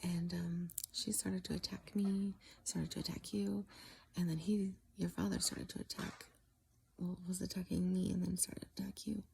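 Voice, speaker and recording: A woman telling a long story casually, often dropping into a soft whisper and pausing with halting fillers. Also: on the low side, level tone, creaky, slightly rough.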